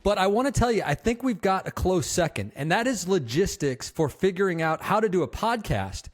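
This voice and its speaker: A male podcast host with a fairly high voice that swings up and down a lot. He talks with enthusiasm and asks his questions eagerly. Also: lively intonation, brisk. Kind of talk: interview and scripted intro.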